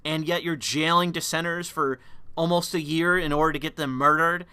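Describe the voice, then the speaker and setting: A man's voice: a little high, moderate pace, pushed and bright, smooth, no echo. A man hosting a political commentary show, talking in a heated, profane, rambling way with many fillers. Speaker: commentary channel host.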